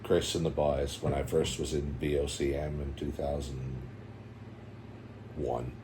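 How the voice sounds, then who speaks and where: A man hosting a casual chat, playful and quick to slip into put-on voices and quotes. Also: rumbling low, level tone, noisy background. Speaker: podcast host.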